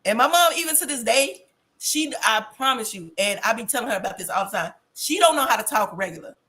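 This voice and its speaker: Bright-voiced woman, blunt casual storyteller. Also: fairly high pitch, fast. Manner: animated storytelling with blunt slang. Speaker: podcast co-host. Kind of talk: casual chat.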